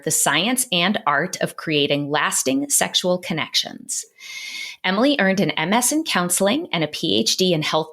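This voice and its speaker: Earnest, fairly low-voiced woman podcast host. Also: a bit bright. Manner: earnest, effusive, emotional. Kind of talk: podcast interview.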